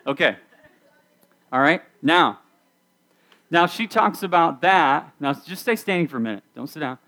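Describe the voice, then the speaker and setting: A man's voice: mid-range voice, sharp tone. A middle-aged man preaching a casual sermon to a youth group, speaking conversationally and leading the audience through activities. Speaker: youth pastor.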